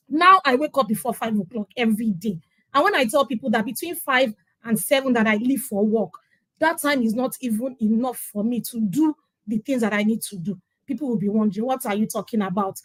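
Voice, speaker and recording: A woman's voice: fairly high pitch, a little fast, no echo, rough recording. A middle-aged Nigerian woman, a guest on an interview, telling her story emphatically and acting out quoted dialogue. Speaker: interview guest sharing her parenting journey. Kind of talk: conversational testimonial.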